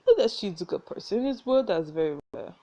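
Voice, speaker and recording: A woman voicing a hulking, intimidating male lighthouse keeper in a thick put-on Russian accent, slow and menacing. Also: medium pitch, expressive, warm tone, highs cut off, natural voice. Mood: grave.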